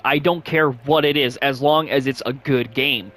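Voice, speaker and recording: A man hosting a gaming channel, chatting casually and rambling, with many fillers and sudden jumps up in pitch. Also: fairly even intonation, moderate pace, few pauses, a bit bright, faint music behind. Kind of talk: casual vlog chat.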